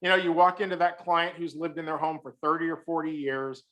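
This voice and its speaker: High, bright man telling jokes on a call. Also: flat delivery, a little fast. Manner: joking, storytelling, teasing the audience. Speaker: guest speaker. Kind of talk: humorous speech on a video call. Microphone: video call.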